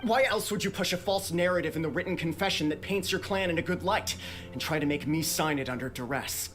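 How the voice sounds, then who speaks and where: Man playing a calm earnest clan heir, steady delivery, faint background music. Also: fairly high pitch, fairly quick, close to an everyday voice.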